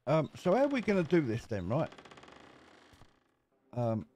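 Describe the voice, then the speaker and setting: A man's voice: a little high, wildly swooping pitch, unhurried, dark tone, slight background noise. A man giving casual, cheeky commentary while playing a survival game. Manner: chatty, cheeky, jokes with game characters. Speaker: gameplay commentator. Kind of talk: casual let's-play commentary.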